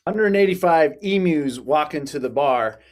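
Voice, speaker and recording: A man improv player telling a goofy joke in an online match, animated. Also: on the high side, measured pace.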